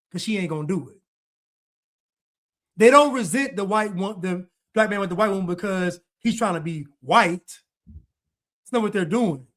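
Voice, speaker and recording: A man's voice: sits high, fairly bright tone. A man giving reaction commentary in a blunt, preachy way, repeating his points. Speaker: online commentator.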